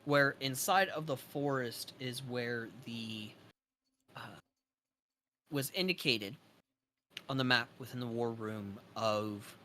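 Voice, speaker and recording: Slow, bright-voiced male game master. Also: medium pitch, slight background noise. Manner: slow descriptive narration with fillers. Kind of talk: narrating a tabletop game.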